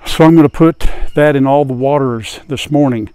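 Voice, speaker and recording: An older man, a farm vlogger, chatting casually and soothing his hens at the coop, often dropping to a hushed voice. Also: medium pitch, moderate pace, clean tone, dry recording. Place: outdoors at a chicken coop. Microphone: lapel mic. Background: hens clucking, rooster.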